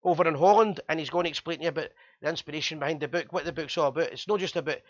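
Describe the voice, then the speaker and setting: A Scottish man hosting a fan chat show, talking fast and chatty with jokes. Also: on the high side, muffled recording, very noisy.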